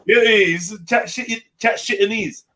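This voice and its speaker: Guy on a live panel, high voice, slangy and animated. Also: a little hiss or hum. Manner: animated, slangy, quick swings in loudness. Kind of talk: casual panel chat.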